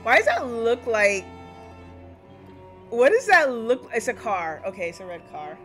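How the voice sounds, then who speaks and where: A woman's voice: fairly high pitch, sing-song, measured pace, a bit bright, soft background music. A woman in her thirties streaming a game, chatting casually to herself and her viewers with giggles and musings. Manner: chatty, giggly, self-talking. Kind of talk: casual gameplay commentary.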